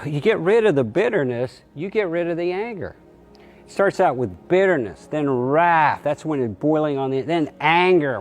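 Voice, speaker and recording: Man, middle-aged, pastor, short sermon, acts out quotes, light music under the voice. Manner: acts out quotes with raised pitch.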